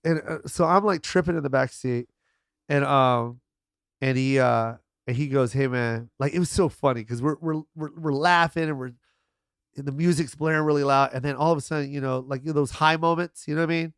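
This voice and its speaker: An animated middle-aged man chatting on a podcast, acting out every voice in his stories. His voice sits a little high for a man. The sound is close and dry, with no room around it. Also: a little fast, clean tone, no echo. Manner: animated storyteller, acts out quotes, swears freely. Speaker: guest comedian. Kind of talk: casual podcast chat.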